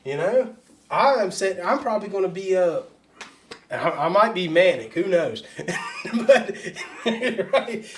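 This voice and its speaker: A man with a fairly high voice co-hosts a casual podcast. He talks in a reflective, open way and laughs often. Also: very animated, takes it slowly, slight background noise. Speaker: podcast co-host. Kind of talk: casual chat.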